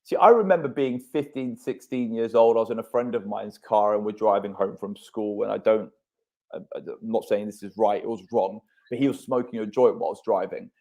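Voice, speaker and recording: A man's voice: on the low side, fairly even intonation, moderate pace, a little mellow. A man in his thirties hosting a casual podcast chat, telling stories animatedly and swearing freely.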